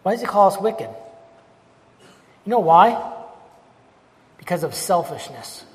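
A man in his forties preaching a sermon, asking rhetorical questions, repeating phrases and swinging from loud to soft. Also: sits high, very animated, unhurried. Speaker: pastor. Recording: long hall reverb.

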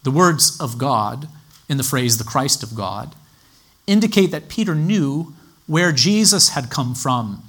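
A man teaching a sermon in a measured, explanatory way, citing scripture references as he goes. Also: mid-range voice, lively intonation, a bit bright. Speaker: Bible teacher.

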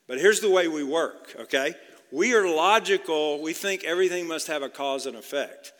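Male pastor, slightly high-pitched, bright tone, chatty sermon delivery, recorded with long hall reverb. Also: expressive, moderate pace. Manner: conversational, repeats "okay?" to check in with listeners.

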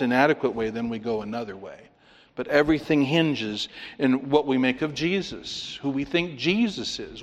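A man preaching an expository sermon, emphatic, with rhetorical questions and swings between loud and quiet. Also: mid-range voice. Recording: long reverb of a large hall.

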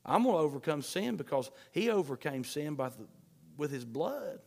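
A man preaching a sermon, fervent, swinging between shouts and hushed pleading. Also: a little high, sing-song, moderate pace, creaky. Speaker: pastor. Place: church sanctuary. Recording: long hall reverb.

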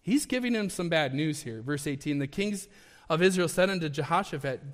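A man preaching a sermon in a conversational, animated way, acting out the scripture as he reads it. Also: a little high, normal speed. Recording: long hall reverb.

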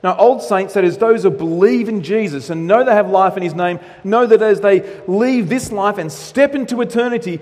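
Animated male preacher in a reverberant hall. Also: sits high, normal speed, hardly any pauses. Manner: animated preaching with acted-out quotes. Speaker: pastor. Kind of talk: sermon.

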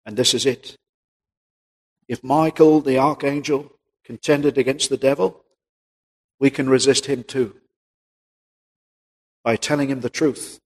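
Husky-voiced male preacher in a reverberant hall. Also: medium pitch, fairly even intonation, a little slow, pauses often. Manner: rhetorical questions, rises and drops in volume. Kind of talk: sermon.

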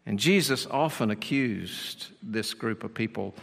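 A man's voice: on the low side, a little slow, gravelly, fairly bright tone, big-room sound. A man preaching a sermon as pastor, explaining the passage with rhetorical questions and repeated phrases.

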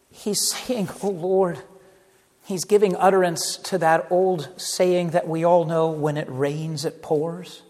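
A man with a high voice delivers an earnest sermon at an unhurried pace. He turns dramatic and hushed when he quotes the psalms. His words ring out with long reverb in a church hall. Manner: earnest, dramatic, drops to hushed tones in quotations. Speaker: preacher.

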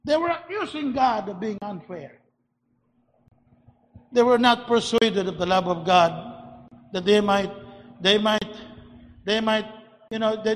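A man preaching a sermon, rising from quiet talk into shouted emphasis and often restarting words as he builds his points. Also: sits high, slight background noise. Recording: long hall reverb.

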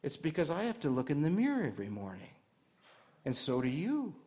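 A man's voice: on the high side, wildly swooping pitch, fairly quick, darkish tone. A male pastor delivering a conversational sermon to his church, asking the congregation rhetorical questions and adding light humor.

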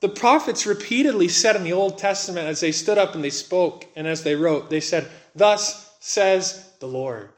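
A man preaching a sermon as a pastor, earnest and slowing down to stress key words. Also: high voice.

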